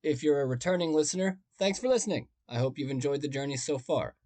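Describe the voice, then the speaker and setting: Brief: male podcast storyteller, mellow and dry-toned, casual and self-mocking. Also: fairly high pitch, fast, dry recording. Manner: conversational, wry and self-deprecating. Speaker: podcast host and narrator.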